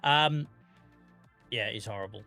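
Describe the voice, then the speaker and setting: A man's voice: lowish voice, unhurried, vocal fry, bright, forceful tone, soft background music. A British man chatting casually on a live gaming stream, joking, teasing his chat and swearing freely. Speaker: game streamer.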